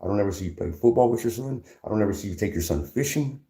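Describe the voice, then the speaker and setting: A man's voice: fairly low pitch, lively intonation, rapid-fire, mellow. A middle-aged man on a livestream, confrontational and heated, stammering through restarts and saying "dog" after nearly every sentence. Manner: confrontational, repeats "dog" constantly; stammering restarts when worked up.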